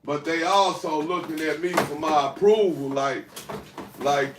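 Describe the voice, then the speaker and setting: A man telling a rambling, profane story in a casual, animated way. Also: a little high, unhurried. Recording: echoey room, far from mic, faint noise.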